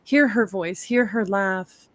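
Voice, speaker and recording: A woman's voice: mid-range voice, slow pace. A woman chatting casually as a guest, telling stories with many fillers. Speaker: guest tarot reader and medium. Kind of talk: casual chat.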